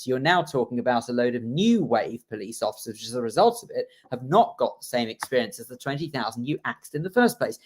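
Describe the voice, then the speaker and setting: A man holding forth on a radio talk show, emphatic and opinionated, his voice sitting at an ordinary middle pitch. He corrects himself mid-sentence and piles on his points, speaking into a studio mic. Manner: ranting, emphatic, self-correcting. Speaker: radio co-host.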